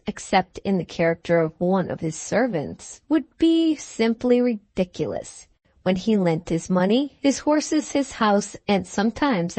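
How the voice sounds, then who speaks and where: A woman narrating a classic short story in a measured, expressive way. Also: medium pitch, dry recording. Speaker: audiobook narrator.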